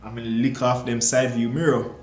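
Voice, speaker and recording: Young man, excitable storytime vlogger acting out his own reactions; roomy echo, soft music underneath. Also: medium pitch, a little fast. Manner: animated, acts out his own panicked reactions. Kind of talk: casual storytime vlog. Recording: echoey room with faint music.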